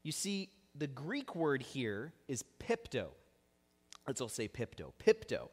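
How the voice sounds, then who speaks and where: Earnest pastor preaching in an echoing church. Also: male voice, medium pitch, sing-song, takes it slowly, slightly rough. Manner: earnest, chatty, gets the congregation to repeat words. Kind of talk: conversational sermon. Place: church sanctuary. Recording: long church hall reverb.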